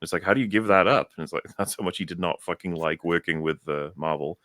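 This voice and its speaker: A man talking casually as a panelist, animated and swearing freely. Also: sits low, fast, dry recording, studio quality.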